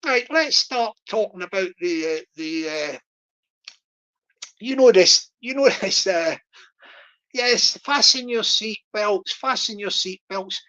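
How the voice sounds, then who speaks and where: A woman's voice: medium pitch, expressive, takes it slowly, pushed and bright, low-quality recording. A woman, rambling on as a YouTuber in a casual monologue, repeating herself and chuckling often. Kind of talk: casual monologue livestream commentary.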